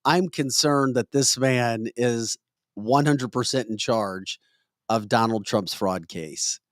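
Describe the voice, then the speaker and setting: A man's voice: mid-range voice, takes it slowly, dry recording, studio quality. A man hosting a political commentary podcast, making his points with emphatic, opinionated commentary. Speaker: podcast host.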